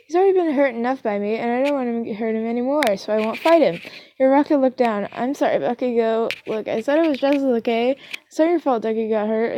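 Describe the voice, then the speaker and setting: A woman's voice: a little high, warm tone, no echo, muffled recording. A young woman reading a fanfiction story aloud, breaking off into rambling, giggly asides full of fillers. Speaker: fanfiction reader.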